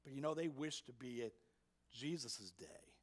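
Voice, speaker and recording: A man's voice: medium pitch, expressive, moderate pace. A man preaching a sermon as pastor, emphatic and asking his congregation rhetorical questions. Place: church sanctuary.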